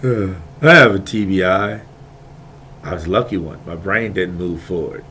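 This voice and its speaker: A man in an impassioned, digressive monologue, repeating himself and swinging between quiet talk and loud outbursts. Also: low-pitched, a little slow, slight background noise. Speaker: video maker airing grievances.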